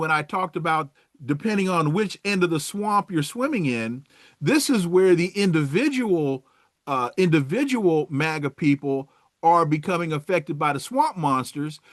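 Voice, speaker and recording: A man talking politics as a guest, animated and sardonic, often tripping over his words. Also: high-pitched, no echo, studio quality. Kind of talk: casual political talk.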